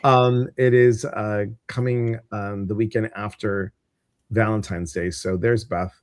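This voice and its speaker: A man's voice: lowish voice, steady tone, measured pace, no room sound, studio quality. Chatty Midwestern man hosting a live stream. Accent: Midwestern American. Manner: chatty, rambling, many fillers. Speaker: host. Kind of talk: casual live-stream chat.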